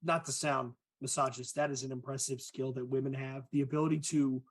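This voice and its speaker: Husky-voiced man in his forties. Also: medium pitch, level tone, fast. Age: 40s. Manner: candid, self-mocking storyteller with swearing. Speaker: podcast co-host, agile coach. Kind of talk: casual chat.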